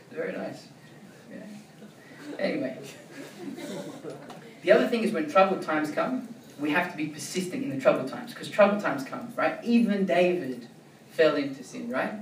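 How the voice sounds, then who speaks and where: A man delivers a sermon in a loose, chatty way, often asking his listeners "right?". His voice sits a little high. He is picked up from a distance in an echoey room. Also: animated, moderate pace, pauses often, slight background noise. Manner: conversational, keeps asking "right?". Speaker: preacher.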